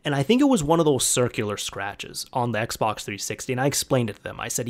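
A young man recounts a story in a relaxed, rambling monologue. His delivery is conversational and unpolished, his voice sitting at an ordinary middle pitch. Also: quick pace, hardly any pauses. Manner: rambling, conversational with fillers and restarts.

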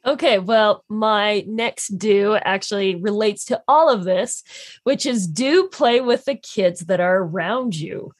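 A woman's voice: mid-range voice, slow pace, no room sound, clean studio sound. A woman guest on a podcast, chatting casually in an upbeat way. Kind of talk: casual chat.

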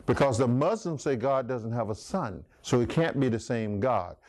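A man's voice: medium pitch, animated, moderate pace, darkish tone, no room sound. A man preaching a sermon, emphatic, calling out listeners by name. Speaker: pastor.

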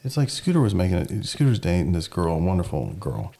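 A man's voice: sits low, big pitch swings, quick pace, gravelly, dark tone. A man co-hosting a podcast in casual chat, telling rambling stories that wander off on side tracks. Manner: rambling, digressive storyteller. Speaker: podcast co-host.

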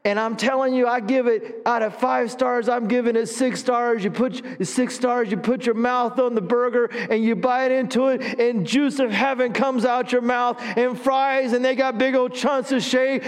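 Man, pastor, sermon, high-pitched, call-and-response, hushed then rising, reverberant sanctuary. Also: moderate pace. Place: church sanctuary. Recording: long hall reverb.

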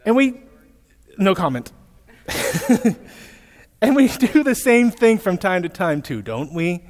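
Pastor guy w a high voice, telling funny stories in his sermon, talking back to the crowd. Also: slow. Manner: storytelling with animated asides to listeners. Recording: echoey hall, long reverb.

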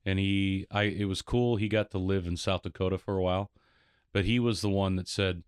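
Low smooth-voiced singer-songwriter guy, laid back and modest about his songs. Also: steady tone, brisk, dry recording, studio quality. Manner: easygoing, thoughtful, self-deprecating. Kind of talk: casual interview chat.

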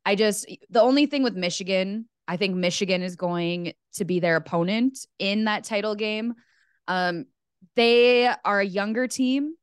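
A woman's voice: medium pitch, measured pace, clean tone, dry recording, clean studio sound. A woman co-hosting a podcast, talking sports in an easygoing, agreeable, analytical way. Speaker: podcast co-host. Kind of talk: casual sports chat.

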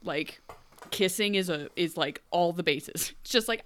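A woman's voice: on the low side, lively intonation, unhurried, fairly bright tone, slight background noise. A woman in her late thirties, co-hosting a casual book club chat, rambling and laughing often. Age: 30s. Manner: rambling, laughs often, puts on voices for quotes. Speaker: podcast co-host.

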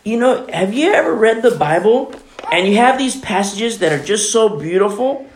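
A man's voice: high voice, sing-song, moderate pace, echoey room, a little hiss or hum. A man preaching a sermon as pastor, with emphatic, repetitive, conversational delivery. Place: church.

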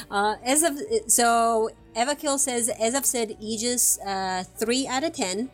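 A woman's voice: a little high, slow, soft background music. A woman hosting a casual podcast, reading out listener comments with frequent giggles. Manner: giggly, apologetic about names. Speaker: podcast host.

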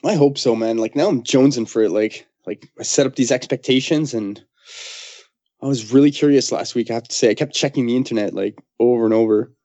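A man's voice: medium pitch, a little fast, mellow, no room sound. A man co-hosting a podcast in loose, joking chat, repeating words as he goes. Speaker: podcast co-host. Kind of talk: casual chat. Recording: dull, dry lo-fi recording.

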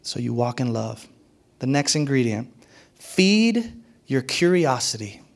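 His voice is creaky, very animated, and a little slow as he delivers an emphatic, repetitive sermon. He circles back to key phrases while his pitch swings widely, from whispers to sharp rises.

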